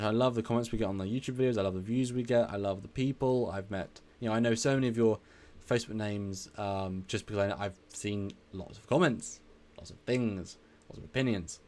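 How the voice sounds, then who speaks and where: Brief: male stream host, lowish voice, warm thanks, rambling and repetitive. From England. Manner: rambling, effusive, repeats himself. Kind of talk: casual live stream chat.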